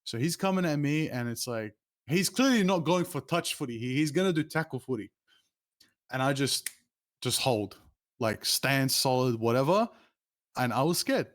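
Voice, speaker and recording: A man, a streamer telling rambling, animated stories as an interview guest. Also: normal speed. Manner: animated, rambling, with sudden pitch jumps. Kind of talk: casual storytelling.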